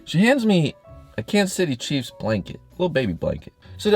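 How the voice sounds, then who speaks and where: A young man with a husky voice tells a brisk, animated story for his YouTube storytime vlog, cursing freely as his pitch jumps around. Faint music plays in the background.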